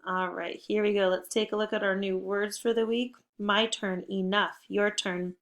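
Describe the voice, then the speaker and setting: A woman teaching a spelling lesson to young children, speaking slowly and clearly, upbeat and encouraging. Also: medium pitch, level tone, a bit bright. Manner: slow, deliberate word-by-word modeling.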